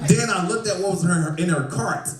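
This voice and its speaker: A man performing a lively stand-up set in a bar, laughing and shouting through his punchlines. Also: sits high, moderate pace, a crowd in the background. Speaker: stand-up comedian. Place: bar comedy show. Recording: roomy, from a distance.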